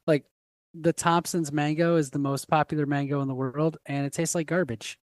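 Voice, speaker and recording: A man with a slightly higher voice joins a casual podcast chat. He is quick to tease and joke. His voice sounds dry and close to the mic. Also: fairly even intonation, no room sound. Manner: teasing, joking.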